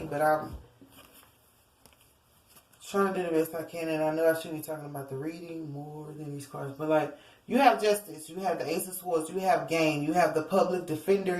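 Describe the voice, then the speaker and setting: A woman's voice: low-pitched, a little mellow. A woman giving a casual tarot reading to her viewers, rambling and theatrical, often calling them y'all. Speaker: tarot reader. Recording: roomy echo, distant from mic.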